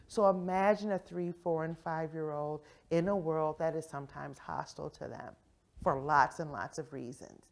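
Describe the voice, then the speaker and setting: A woman presenting a professional development session to educators, lively, often checking in with "right?". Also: low-pitched, moderate pace, creaky. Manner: animated, acts out quoted voices, frequent "right?" check-ins. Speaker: conference presenter on early childhood education. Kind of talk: interactive professional development talk. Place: conference session room.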